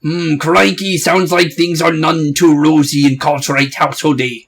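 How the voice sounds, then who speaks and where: A man's voice: on the high side, fairly even intonation, unhurried, fairly bright tone, slightly rough, exaggerated voice. A man voicing a chatty, cheeky male fairy companion, full of blunt, folksy slang, in a game playthrough. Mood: wry.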